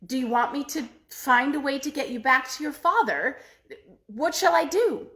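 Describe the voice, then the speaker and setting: A woman's voice: sits high, expressive, moderate pace, a bit bright. A woman voicing an earnest young man who pleads and stammers in a storybook tale. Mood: pleading.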